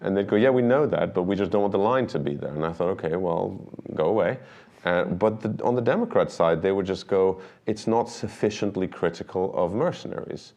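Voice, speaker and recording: Deep-voiced man telling animated stories. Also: fairly quick. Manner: animated anecdotes, acts out quoted dialogue. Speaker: documentary filmmaker guest. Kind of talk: conversational storytelling interview.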